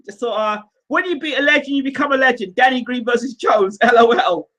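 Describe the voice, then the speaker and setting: A man hosting a casual live show, reading viewer comments aloud in an animated, teasing, rambling way. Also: very high voice, fairly quick. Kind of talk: casual livestream chat.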